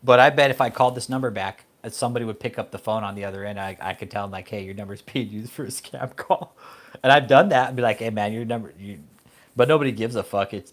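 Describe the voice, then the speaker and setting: Profane laughing male vlogger. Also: lowish voice. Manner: profane, laughing often, rambling. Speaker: channel host. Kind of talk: casual vlog rant.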